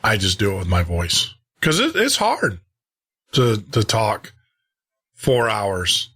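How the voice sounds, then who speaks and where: A man from Tennessee hosting a show, chatting casually with frequent pauses and restarts. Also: fairly low pitch, wildly swooping pitch, sharp tone, husky. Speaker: radio show host. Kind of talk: casual chat.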